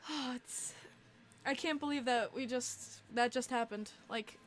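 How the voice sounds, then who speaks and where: A woman hosts a casual livestream podcast in a somewhat high voice. She talks with open emotion and rambles, with frequent fillers and restarts as she chats to her viewers. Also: measured pace. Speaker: podcast host and streamer.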